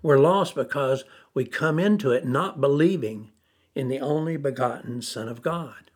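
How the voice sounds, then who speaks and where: A man preaching a sermon, slow and deliberate, repeating phrases for emphasis. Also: medium pitch, husky.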